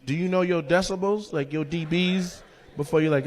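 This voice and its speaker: A man doing stand-up crowd work in a comedy club, teasing audience members with loud banter and putting on their voices. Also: on the high side, normal speed. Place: comedy club stage before a live audience. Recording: faint crowd ambience, audience laughter.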